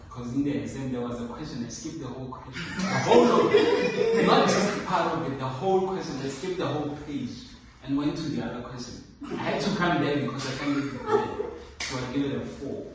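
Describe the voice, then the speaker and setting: A young man, a medical student telling a story in a quick, laughing, casual way. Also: mid-range voice. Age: young adult. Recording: echoey room, distant mic, background noise.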